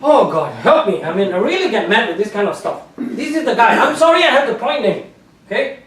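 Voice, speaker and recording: A man with a very high voice lectures an audience, animated and scornful, and laughs at his own points as he goes. His English has loose, non-native grammar. He sounds far from the mic, and the hall rings with a strong echo. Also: a little fast, a little hiss or hum. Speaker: guest speaker, scientist. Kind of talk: public lecture with slides.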